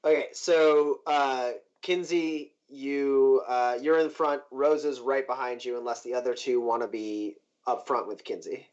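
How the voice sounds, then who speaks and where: A man's voice: medium pitch, fairly even intonation, measured pace, hardly any pauses, darkish tone. A man narrating a tabletop game as game master, chatty and loose with lots of fillers. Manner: loose and chatty, many fillers, voices the NPCs in passing. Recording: dull lo-fi stream audio.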